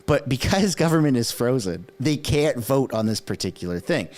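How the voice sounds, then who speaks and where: A man whose first language is French, giving casual political commentary in an animated, conversational way with frequent rhetorical asides. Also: mid-range voice, moderate pace. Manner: acts out quoted speech in put-on voices.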